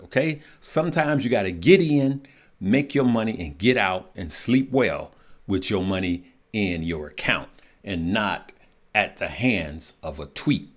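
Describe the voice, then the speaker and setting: This man's voice is lowish and a bit bright as he runs a live stock and crypto trading stream. Casual and quick to laugh, he welcomes viewers by name, and his speech trails off as he thinks aloud over the charts.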